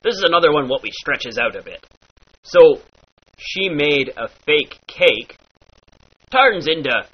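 On a dull lo-fi recording, a man with a husky, higher-than-average voice speaks at a measured pace with long pauses, sounding very animated. He's an accent teacher giving a playful pirate-speech lesson, demonstrating each sound in mock-archaic phrasing.

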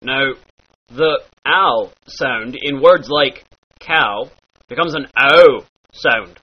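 In a dull lo-fi recording, an accent teacher with a husky, mid-range voice draws out his words. He gives a playful lesson in pirate speech, using mock-archaic phrasing and demonstrating each sound.

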